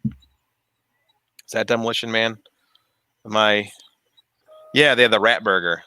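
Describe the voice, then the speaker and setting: A man with a lowish, bright and forceful voice, talking casually while he works. He rambles, laughs easily and loses his words mid-sentence. The sound is dry and close, with no room around it. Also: steady tone, slow, clean tone, dry recording. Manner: rambling, laughs often, trails off searching for words. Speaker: streamer fixing printers. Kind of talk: casual chat. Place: home workshop.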